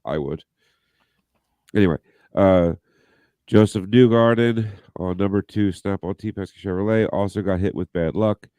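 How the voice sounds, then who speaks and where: Deep-voiced man on a podcast, swearing. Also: normal speed, long pauses, warm tone, dry recording. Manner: profane, joking, reads quotes aloud. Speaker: podcast co-host. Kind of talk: casual podcast chat reading news.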